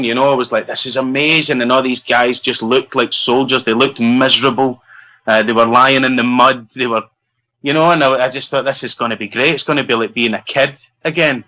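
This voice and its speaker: A man's voice: mid-range voice, steady tone, fairly quick, sharp tone, low-quality recording. A man, an actor guest telling a story in an interview and laughing as he goes. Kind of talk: anecdotal storytelling.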